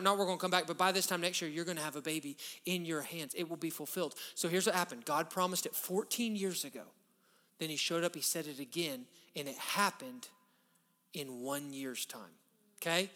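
High, bright-voiced preacher in a church hall. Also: male voice, a little fast. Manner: conversational preaching, rising to loud emphatic passages. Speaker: pastor. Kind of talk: sermon. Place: church sanctuary. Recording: long reverb of a church hall.

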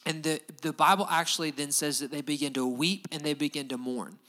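Male pastor, conversational but emphatic sermon delivery, bright and forceful tone. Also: on the high side, brisk. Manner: animated, emphatic, conversational preaching.

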